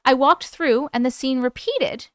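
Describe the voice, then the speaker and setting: A woman's voice: high-pitched, a little slow, clean tone, no room sound. A woman hosting a live stream, chatting playfully and reading viewers' strange stories aloud with little asides.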